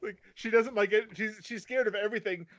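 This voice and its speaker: A man's voice: sits high, steady tone, brisk, fairly bright tone. A man on a casual podcast explaining anime plot points and adding details to his co-host's recap. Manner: explanatory, adds details and corrections to his co-host. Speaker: podcast co-host.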